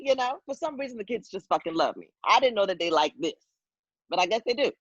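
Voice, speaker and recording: A woman's voice: mid-range voice, animated, fast talker, slightly rough, no echo. Comedian, woman, loose and profane storyteller, dull video call audio.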